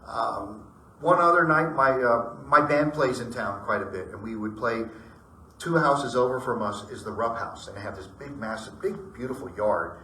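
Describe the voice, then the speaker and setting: A man's voice: medium pitch, normal speed, far from the mic, a little hiss or hum. Chatty man telling ghost stories. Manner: rambling, animated retelling with acted-out dialogue. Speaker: storyteller. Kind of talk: casual personal ghost story told to a group. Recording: echoey room, voice from off-mic.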